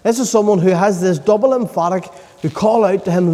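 A man preaching a sermon, earnest and emphatic, pausing to stress key points. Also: high voice, mellow. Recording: long reverb of a large hall.

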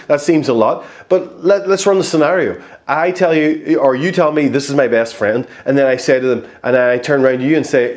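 A male pastor preaching a sermon in a lively, conversational way, acting out little quotes as he goes. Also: medium pitch, a little fast, few pauses.

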